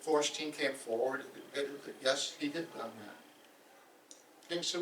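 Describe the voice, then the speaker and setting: Male storyteller, lively saga telling, fairly high voice, distant, echoey hall. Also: normal speed, long pauses. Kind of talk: live oral storytelling of a saga. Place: event hall. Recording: roomy hall, voice from far off.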